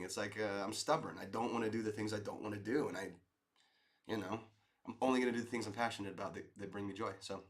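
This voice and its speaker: A man's voice: fairly low pitch, a bit bright. A man in his thirties streaming live, chatting casually and rambling as he answers viewer comments, often calling people dude and man. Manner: laid-back, rambling, says dude and man.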